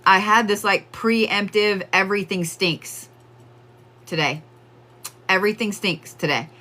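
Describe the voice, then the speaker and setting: A woman's voice: mid-range voice, a little slow, sharp tone. A woman giving casual psychic readings on a livestream, chatting with viewers and laughing often.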